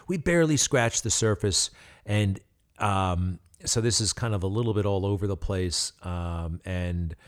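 A man hosting a podcast, telling a story casually and haltingly with many fillers and small laughs. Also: sits low. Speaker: podcast host.

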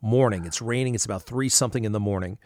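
A man's voice: lowish voice, fast, darkish tone, no echo, studio quality. A man hosting an interview, talking casually in a rambling, hesitant way with many fillers. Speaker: interview host.

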